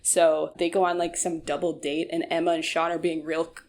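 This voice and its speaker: A woman's voice: low-pitched, little pitch movement, moderate pace, a little mellow, slight background noise. A young woman giving a casual, joking recap of a TV show, full of sarcastic asides. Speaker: YouTube commentator.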